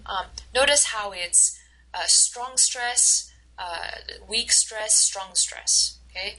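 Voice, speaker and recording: A woman instructor giving a recorded lecture over slides, explaining slowly and carefully with many fillers and restarts. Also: medium pitch, bright, forceful tone, poor audio.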